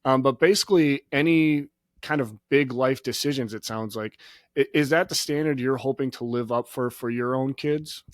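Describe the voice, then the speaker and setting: A man's voice: medium pitch, normal speed, dry recording. Laid-back guy hosting a podcast, asks long questions, dry close mic. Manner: easygoing, laughs along, asks long rambling questions. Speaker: podcast host. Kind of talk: casual podcast interview.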